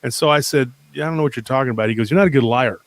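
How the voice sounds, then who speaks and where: A man tells his story in a steady middle-pitched voice. He rambles with animation, piles up fillers and starts over mid-sentence. The sound is dry and close, with little room around him. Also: rapid-fire, dry recording. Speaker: guest. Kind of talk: casual storytelling on a podcast.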